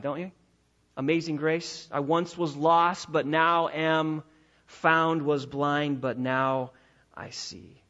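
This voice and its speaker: A pastor delivering a sermon in a church, emphatic and repeating key phrases, slowing down to stress his points. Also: a little high, fairly bright tone. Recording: dull lo-fi recording.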